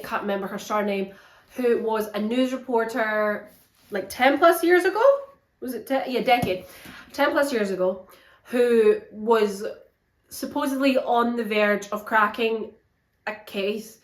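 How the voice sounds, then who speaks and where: A woman's voice: on the high side, a bit bright. A young woman giving a casual, blunt and sarcastic book review at home. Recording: roomy echo.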